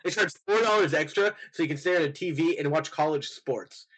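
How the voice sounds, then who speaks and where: A man's voice: fairly high pitch, brisk, a bit bright. A young man from Texas co-hosting a podcast, chatting casually in a joking, rambling way with bursts of mock outrage. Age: young adult. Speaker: podcast co-host. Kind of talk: casual chat.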